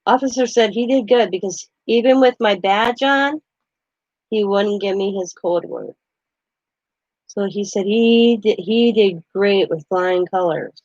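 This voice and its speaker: A woman's voice: mid-range voice, unhurried, a little mellow, no echo, muffled recording. A middle-aged woman hosting a crafting channel, chatting casually and animatedly as she tells a story, laughing as she goes.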